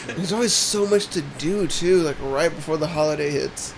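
A man's voice: a little high, moderate pace, noisy background. A man in a casual group chat who gives short, laid-back replies.

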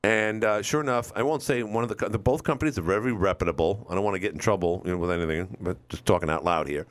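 A man's voice: fairly low pitch, fast talker. A middle-aged man hosting a call-in radio talk show, rambling through stories and acting out quotes. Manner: rambling storyteller, acts out quotes.

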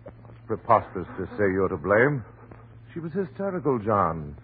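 An actor playing a calm doctor and family friend, with soothing, firm 1940s radio acting. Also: male voice, lowish voice, normal speed. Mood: reassuring. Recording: tinny old radio recording.

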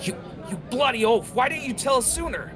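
A man's voice: on the high side, big pitch swings, crowd noise, pitched above the performer's own voice. A man voicing a wisecracking male tiefling rogue who mocks his friends. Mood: alarmed. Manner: mocking, quick-tempered, jeering.

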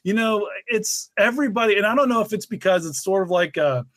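A man's voice: sits high, lively intonation, a little fast, a bit bright, dry recording. A man co-hosting a podcast, chatting casually and telling rambling stories. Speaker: podcast co-host. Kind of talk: casual chat.

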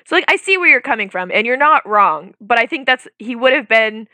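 A young woman with a bright, sharp tone, recorded close and dry. She talks through her views in long, casual, reasoned stretches, often filling gaps with "like.". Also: a little high, expressive, brisk, no room sound. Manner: talkative, reasoned, lots of "like" fillers. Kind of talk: casual chat.

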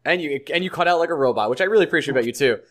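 A man's voice: a little high, lively intonation, very fast, fairly bright tone. A man hosting a sports podcast in easygoing, casual chat, laughing often. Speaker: podcast host.

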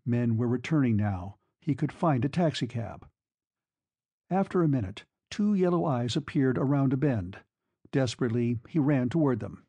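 A man narrating a classic novel in a steady, measured reading. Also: mid-range voice, slightly rough, no room sound. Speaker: audiobook narrator. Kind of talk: scripted narration.

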